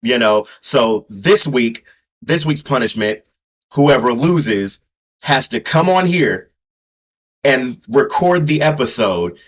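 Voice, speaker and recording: A man of ordinary pitch talks sports in a blunt, laid-back way. He stumbles and repeats himself as he goes. The audio sounds slightly dull and lo-fi. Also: lively intonation, slow pace. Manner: blunt, repetitive, stumbling restarts. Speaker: podcast co-host. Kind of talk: casual sports chat.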